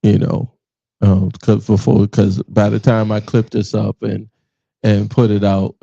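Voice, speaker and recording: Va guy in his 40s hosting a podcast, loud and cussing, mellow voice, kinda dull lo-fi sound. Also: lowish voice, little pitch movement, a little slow, gravelly, slightly rough. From Richmond, Virginia. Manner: loud, profane, laughing storyteller. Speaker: podcast host. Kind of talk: casual chat.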